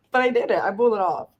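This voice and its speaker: Husky-voiced woman telling her story. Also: on the high side, muffled recording. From Las Vegas, USA. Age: 30s. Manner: laughing often through a frank, animated story. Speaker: guest. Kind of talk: candid storytelling interview.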